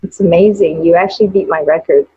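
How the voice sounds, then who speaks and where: A woman from Taiwan hosting an interview, chatty and expressive as she asks questions. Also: fairly low pitch, fast, husky, no room sound. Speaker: host. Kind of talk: casual interview chat. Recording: dull, dry, lo-fi recording.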